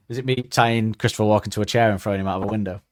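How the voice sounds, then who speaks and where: A man's voice: on the low side, no echo. A man co-hosting a podcast in casual chat, rambling and hesitant, with many ums and restarts. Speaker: podcast co-host.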